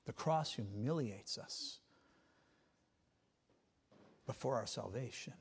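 A man preaching a Sunday sermon as pastor, emphatic and swinging between quiet passages and loud ones. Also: mid-range voice, lively intonation, slow pace, vocal fry, breathy edge.

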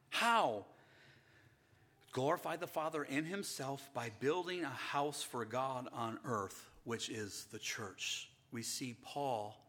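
With a mid-range, slightly bright voice, a male pastor delivers a sermon to his congregation. He calls them saints, answers his own rhetorical questions, and climbs to emphatic moments.

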